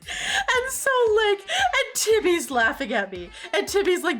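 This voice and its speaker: A woman's voice: sits high, huge pitch swings, moderate pace, fairly bright tone, soft background music. A woman streamer chatting casually and animatedly, laughing often and swearing freely.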